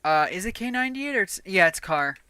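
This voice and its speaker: A woman streaming a game and chatting casually, profane and quick to laugh. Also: medium pitch, lively intonation, sharp tone, clean tone, dry recording. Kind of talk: casual gaming stream chat.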